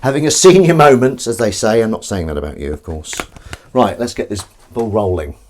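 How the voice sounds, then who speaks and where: A man's voice: fairly low pitch, expressive, a little fast, a little hiss or hum, low-quality recording. A man hosting a livestream, chatting in rambling, self-mocking banter full of ums and asides while washing up in his kitchen. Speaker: livestream host. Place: home kitchen at the sink.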